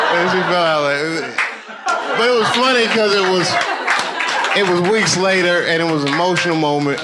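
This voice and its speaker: A middle-aged man doing stand-up storytelling on stage, loose and conversational, building to loud excited bursts. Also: a little high. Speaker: stand-up comedian. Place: comedy stage with live audience. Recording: noisy live show recording. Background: audience laughter.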